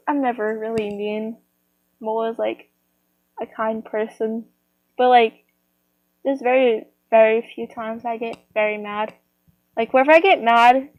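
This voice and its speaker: A woman's voice: fairly high pitch, no echo, rough recording. A woman chatting casually to her viewers, rambling with lots of fillers and restarts. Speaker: vlogger.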